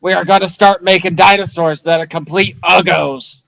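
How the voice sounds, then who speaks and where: Man co-host, gravelly and bright, reads silly news deadpan. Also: high-pitched, normal speed, no room sound, rough recording. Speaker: podcast co-host. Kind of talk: reading joke news segment.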